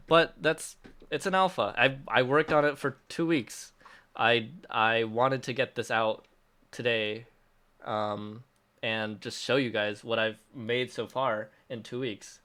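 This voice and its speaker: A man's voice: mid-range voice, fairly even intonation, slow, bright, forceful tone, clear, resonant tone. A man hosting a casual livestream Q&A, reading out chat questions and answering them in an upbeat, chatty way with frequent laughs and restarts. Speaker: app developer hosting a release livestream.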